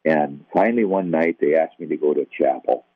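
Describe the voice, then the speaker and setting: A deep, husky older man recounts his past in a relaxed, self-deprecating way, jumping into the voices of the people in his story. The sound is thin and phone-like, with no room around it. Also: brisk, no echo. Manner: conversational, self-deprecating, acts out quoted dialogue. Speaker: guest telling his testimony. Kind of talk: personal testimony storytelling. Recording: tinny, phone-like, dry.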